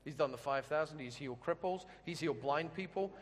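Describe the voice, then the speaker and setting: A man with a high-pitched voice preaches in a joking, storytelling manner and keeps checking in with his listeners. His voice rings out with a long reverb, as in a large hall. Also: fairly quick. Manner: humorous, chatty storytelling with questions to the audience. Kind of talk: sermon.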